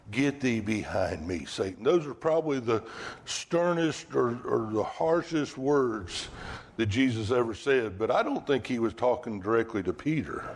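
A man's voice: medium pitch, a little hiss or hum. A male preacher delivering a sermon in a conversational way, asking the congregation rhetorical questions.

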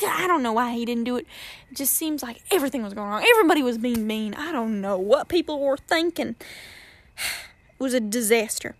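A woman's voice: on the high side, animated, a little fast, no echo. A woman guest telling a story casually and dramatically, repeating phrases for effect.

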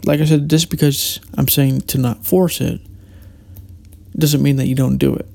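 A man's voice: mid-range voice, level tone, normal speed, creaky, mellow. A man hosting a solo podcast, talking reflectively in a meandering way, with frequent restarts and hesitations. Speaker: podcast host.

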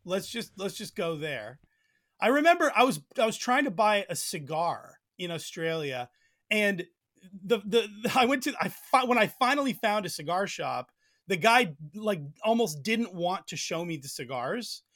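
A man's voice: high-pitched, animated, normal speed, a bit bright. A man from Pennsylvania, a Bible teacher, guesting on a podcast and talking in a chatty, hesitant way with many fillers. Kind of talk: casual interview chat.

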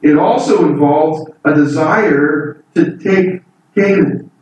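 This Bible sermon comes from a man whose voice is a little high and darkish, speaking slowly but with earnest emphasis and lifting on key points. The room is echoey, the mic far away, and faint noise is present.

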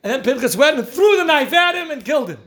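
A man giving a lively Torah talk, telling the stories with animation and frequent laughter. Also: very high-pitched, fast. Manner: animated storytelling, laughing often, mixing Yiddish and Hebrew terms. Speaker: Torah teacher.

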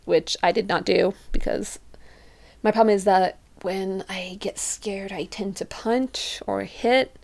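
A young woman telling a personal story in a casual, animated way, acting out what she and her friends said. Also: medium pitch, slow, creaky. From living in Utah. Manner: animated, acts out her friends and herself in quoted voices.

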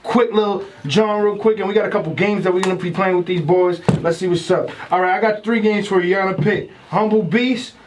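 High-voiced playful podcast host. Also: male voice, fairly even intonation, brisk, hardly any pauses, background noise. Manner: playful, hypes up guests. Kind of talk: casual podcast banter.

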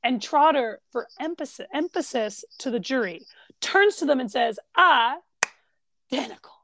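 High, gravelly-voiced woman podcast host. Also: moderate pace, dry recording. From Canada. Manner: storytelling, laughing, animated retelling. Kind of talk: casual chat.

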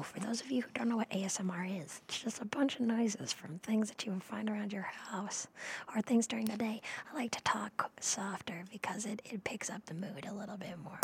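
A woman talking in soft whispers, chatting playfully to listeners in a whispered role-play. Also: medium pitch, vocal fry, breathy edge. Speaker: ASMR host.

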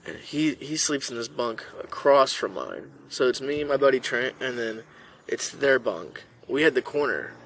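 Bright-voiced young man telling stories. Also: medium pitch, normal speed, a little hiss or hum. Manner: animated, profane storyteller. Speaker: podcast host. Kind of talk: casual storytelling.

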